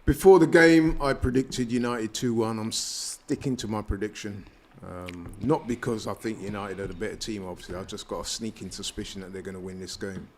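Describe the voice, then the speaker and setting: A man guest on a live football stream, calmly giving his match prediction. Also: on the low side, brisk, hardly any pauses. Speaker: guest pundit. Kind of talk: casual match prediction chat.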